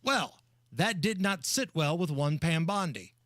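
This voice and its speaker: A man's voice: a little high, no echo. A man co-hosting a talk radio show, chatting casually and joking with his co-host in the studio. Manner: joking, animated, quick hand-offs. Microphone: studio microphone.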